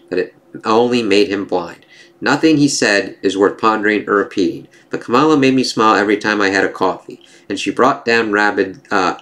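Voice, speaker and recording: A man voicing a reformed older male ex-villain, speaking in a calm, reflective way. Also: fairly low pitch, close to an everyday voice.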